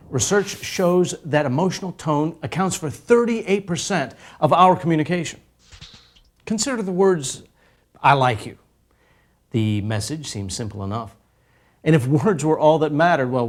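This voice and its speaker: A man's voice: fairly high pitch, very animated, measured pace, pauses often. A man giving scripted narration for an educational video, playful and theatrical in his emphasis.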